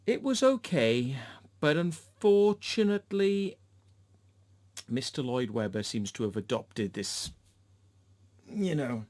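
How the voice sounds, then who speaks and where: A man rants casually through a film review, midrange in pitch. He swears freely and wanders, leaning on "you know" and "um" as he restarts his thoughts. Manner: rambling and profane, with many fillers.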